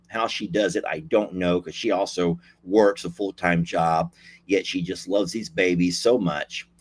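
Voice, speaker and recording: Guy hosting a video, kinda low voice, rambly and playful, says things twice. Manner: playful, repeats himself, chatty. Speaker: host. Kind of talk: casual video sign-off.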